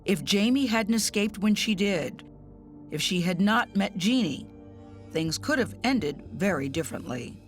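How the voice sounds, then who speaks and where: A woman correspondent narrating a news report in a measured, solemn way and interviewing family members. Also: medium pitch, animated, faint music behind.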